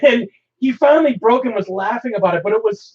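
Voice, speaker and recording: A man's voice: extremely high pitch, fast. A man hosting a live stream, chatting casually in a rambling, joking way with frequent laughter. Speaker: host. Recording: dull lo-fi stream audio.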